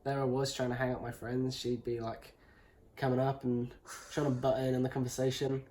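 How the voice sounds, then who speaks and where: A young English man in a relaxed chat, answering questions with a dry, teasing humour. His voice sits in a middle pitch. A faint hum runs underneath. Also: a little fast. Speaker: interviewee, husband. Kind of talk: casual chat.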